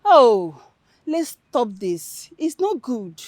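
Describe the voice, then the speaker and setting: A woman's voice: fairly high pitch, big pitch swings, drawn-out words, dry recording, full character voice. A Nigerian actress playing a principled young woman who earnestly objects to her friends' scheming in a film drama. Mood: reproving. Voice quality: earnest, protesting.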